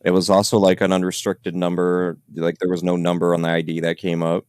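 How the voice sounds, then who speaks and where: Low-voiced man rambling on a podcast. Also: monotone, fairly quick, darkish tone, clean tone, no room sound. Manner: loose and rambling, with many fillers. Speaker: paranormal investigator reviewing evidence. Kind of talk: casual podcast chat.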